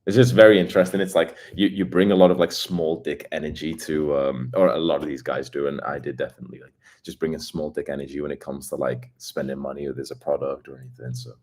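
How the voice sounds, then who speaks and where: A young man hosting a live stream, talking in a blunt, profane, rapid casual rant. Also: extremely low pitch, steady tone, darkish tone. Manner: blunt and profane, with fast asides. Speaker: livestream host.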